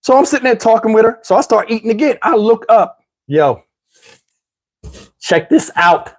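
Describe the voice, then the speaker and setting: A middle-aged man vlogger telling a story to camera in a casual, animated way, with slang, swearing and laughter. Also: sits high, normal speed.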